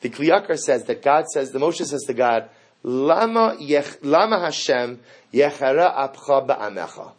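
Animated husky man teaching Torah. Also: medium pitch, moderate pace. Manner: animated, rhetorical questions, mixes Hebrew terms. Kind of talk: lively Torah class.

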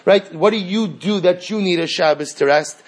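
A man teaching a Talmud class in an animated way, acting out the exchanges he reads and asking rhetorical questions. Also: high voice, moderate pace.

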